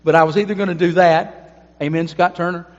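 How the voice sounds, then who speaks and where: A man's voice: high-pitched, fairly even intonation, fairly quick. A man preaching a sermon to his congregation, adding emphatic asides. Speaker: pastor. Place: church sanctuary. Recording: dull sound with long hall reverb.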